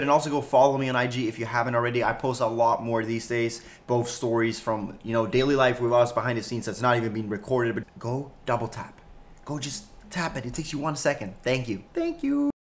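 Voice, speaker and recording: Teasing young Swedish man. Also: medium pitch. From Sweden. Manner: teasing, repeats the same question over and over. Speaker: vlogger. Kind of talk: casual vlog talk. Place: shared house, indoors.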